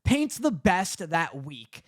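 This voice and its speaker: A man's voice: high voice, very animated, takes it slowly. A man co-hosting a podcast, chatting casually and telling stories in a rambling way, acting out what characters say. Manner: rambling storytelling with quoted voices. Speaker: podcast co-host. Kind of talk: casual chat.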